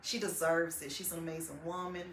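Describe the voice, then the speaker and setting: A woman giving a heartfelt, halting testimonial about her mother's treatment, holding back tears as she speaks. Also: on the low side, fairly even intonation, slight background noise. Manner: heartfelt, halting, with many "um"s and "I just". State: tearful, holding back emotion. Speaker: client's daughter giving a testimonial. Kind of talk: personal testimonial. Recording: echoey room.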